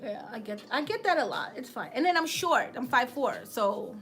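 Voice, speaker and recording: A woman's voice: fairly high pitch, lively intonation, normal speed, a bit bright. A woman, hosting a casual livestream, chatting with viewers and laughing often as she tells a story. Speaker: livestream host.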